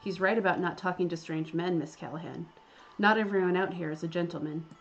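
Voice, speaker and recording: A woman doing a fussy British gentleman botanist. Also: lowish voice, fairly even intonation, fairly quick, highs cut off, faint music behind, natural voice. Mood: earnest, polite. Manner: formal, earnest and stammering. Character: polite, fussy young British male botanist.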